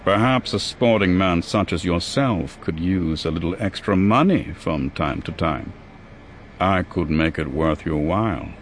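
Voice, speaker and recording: A man reading a story, voicing a scheming banker in a measured, formal way. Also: sits low, slight background noise. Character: smooth scheming male banker, inspector.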